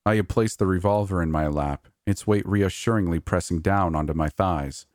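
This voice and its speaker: A man narrating a horror story in a measured, steady reading. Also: low-pitched, no room sound, clean studio sound.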